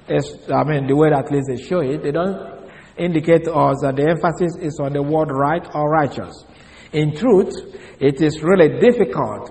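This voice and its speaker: Male Bible teacher, slightly high voice, deliberate and methodical, spells out terms, long hall reverb. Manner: deliberate, explains step by step, spells out words letter by letter. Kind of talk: Bible study lecture.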